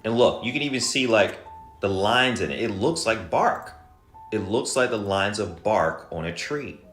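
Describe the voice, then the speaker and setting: A man's voice: sits low, sharp tone, echoey room. A man ranting insistently about a conspiracy theory, mocking his doubters. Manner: insistent, mocking, repeats "okay?".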